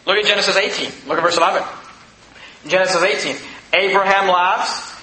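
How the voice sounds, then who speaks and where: A man preaching a sermon in a very high, piercingly bright voice. He reads scripture and presses each point with rising emphasis. The recording rings with a roomy echo. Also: steady tone, a little fast. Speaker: pastor. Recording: echoey hall.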